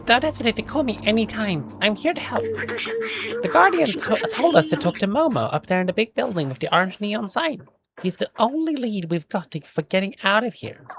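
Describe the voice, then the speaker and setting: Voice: medium pitch, very animated, normal speed, noisy background. A streamer reading aloud the lines of a helpful robot companion in a game.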